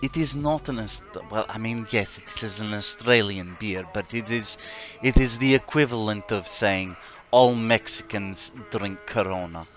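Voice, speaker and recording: Guy doing a gruff russian accent, blunt and stiff, slow formal talk, bright tone. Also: lowish voice, dull audio, faint music behind. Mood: scornful. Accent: put-on Russian. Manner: slow, formal speech without contractions.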